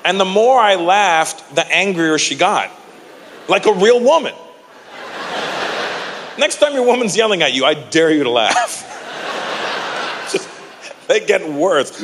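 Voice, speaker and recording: A male stand-up comedian performs in a venue with a long, ringing reverb and a faint hum of room noise behind him. His delivery is highly animated, swinging widely in pitch as he tells stories. His voice sits a bit higher than most men's, and he jumps into shouted impressions of other people. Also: a little slow, pauses often. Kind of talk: stand-up routine.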